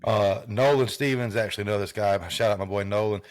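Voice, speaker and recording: A man's voice: fairly low pitch, a little fast, no echo, studio quality. A man co-hosting a sports podcast, chatting loosely and casually with plenty of swearing. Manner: loose, profane, laid-back banter. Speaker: podcast co-host.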